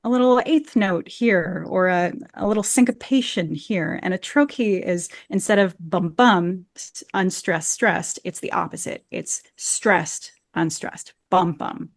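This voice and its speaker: A woman's voice: on the low side, unhurried, vocal fry, few pauses, no room sound. A woman who acts and coaches, explaining verse with enthusiasm in a podcast interview and chanting beats to show rhythm. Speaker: actor and Shakespeare coach.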